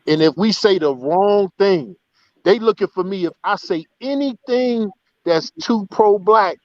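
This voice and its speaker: A man's voice: high voice, animated, unhurried, a little mellow, no room sound. A man who works as a radio DJ, speaking earnestly and emphatically in a casual chat, on a slightly muffled line. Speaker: radio DJ guest.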